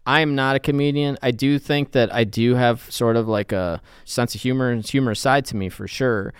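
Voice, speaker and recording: Man rambling on a podcast, smooth clear voice, dead dry mic, lots of ums. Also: mid-range voice, steady tone, normal speed, no room sound. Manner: rambling, self-deprecating, with fillers. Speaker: feature reporter, podcast guest. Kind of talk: casual interview chat.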